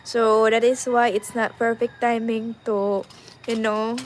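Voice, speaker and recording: A young woman with a Cebuano Filipino accent, telling a personal story casually and pausing often to find her words. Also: a little high, little pitch movement, slight background noise, low-quality recording. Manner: halting, searching for words. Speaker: vlogger.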